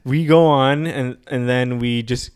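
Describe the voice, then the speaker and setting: A male podcast co-host chatting casually, self-deprecating and quick to giggle. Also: medium pitch, fairly even intonation, clear, resonant tone. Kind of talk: casual banter.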